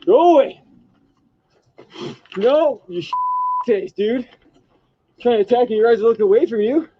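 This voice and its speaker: A frightened man outdoors, frantically yelling and cursing at a wild animal to go away, recorded on a handheld camera. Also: high voice, brisk, a little hiss or hum. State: frightened, heart racing. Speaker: hiker filming a wild animal. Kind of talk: panicked shouting at an animal. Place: outdoors on a trail. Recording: dull lo-fi clip.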